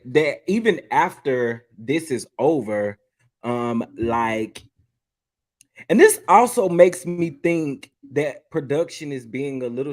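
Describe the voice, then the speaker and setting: A man hosting a casual reality-TV chat, laughing often. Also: mid-range voice. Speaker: host.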